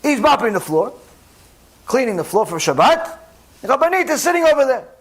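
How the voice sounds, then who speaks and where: Animated high-voiced rabbi preaching. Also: male voice, a little fast. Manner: animated, rising in pitch and volume at key points. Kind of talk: sermon storytelling.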